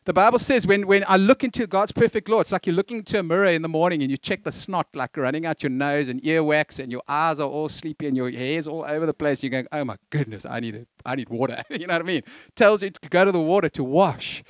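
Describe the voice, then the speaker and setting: A middle-aged man preaching a conversational sermon, with jokey asides and lively emphasis. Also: on the high side, quick pace, hardly any pauses, clear, resonant tone, dry recording.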